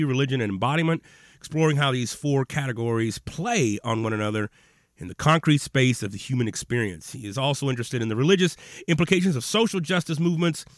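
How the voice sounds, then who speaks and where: A man's voice: medium pitch, a bit bright, dry recording, studio quality. A man hosting a podcast in a laid-back, slangy chat, often laughing as he talks. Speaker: podcast host.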